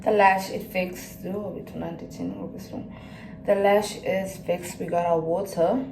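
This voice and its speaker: Young girl rambling excitedly to her followers, echoey room, noisy in the background. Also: lowish voice, a little slow. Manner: excitable, rambling, addresses viewers as guys. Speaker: vlogger. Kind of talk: casual vlog chat. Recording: roomy, distant mic, noisy background.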